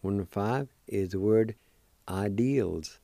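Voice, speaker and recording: Gravelly, dark-voiced man, slow syllable-by-syllable pronunciation teacher, dry close sound. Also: fairly low pitch, no room sound. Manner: spells and sounds out words slowly, syllable by syllable. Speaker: language teacher and radio host.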